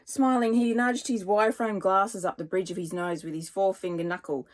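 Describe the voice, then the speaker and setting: A woman, a children's author, reading a scene from her own book aloud with expressive narration. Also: medium pitch, fairly quick. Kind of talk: storybook reading.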